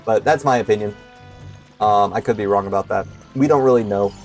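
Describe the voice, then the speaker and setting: A man's voice: fairly low pitch, brisk, soft background music. A young man giving casual commentary while playing a video game, hesitant and full of filler words. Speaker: streamer.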